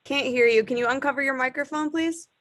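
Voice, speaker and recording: A woman's voice: high-pitched, fairly quick, a bit bright, no room sound. A woman serving on a commission, speaking hesitantly and with care over a video call. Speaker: commission member. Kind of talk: public meeting discussion.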